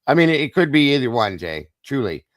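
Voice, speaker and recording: A man's voice: mid-range voice, very animated, brisk, no echo. A man hosting a casual live-stream discussion, musing aloud and talking straight to viewers in the chat. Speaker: livestream host.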